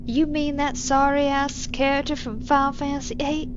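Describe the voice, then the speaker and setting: A woman's voice: high-pitched, little pitch movement, moderate pace, lo-fi sound, background noise. A woman streamer making joking casual asides while playing a game aloud. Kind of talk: casual gaming commentary.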